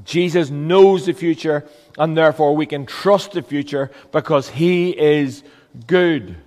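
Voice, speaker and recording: A man's voice: on the high side, measured pace, a little mellow, in a large hall. A man preaching a sermon as a pastor, earnest and emphatic, with rhetorical questions.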